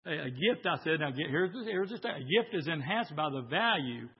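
Man, preacher, gravelly voice, wildly swinging pitch, faint crowd, dull echoey recording. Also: very animated, brisk. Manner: builds to shouted preaching cadence, hoarse climaxes. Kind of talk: sermon. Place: church with congregation.

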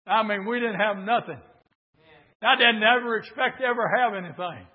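Male revival preacher. Pitched high, swings from hushed pleading to full shouts. Dull, lo-fi recording. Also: moderate pace. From southern Indiana, USA. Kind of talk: revival sermon.

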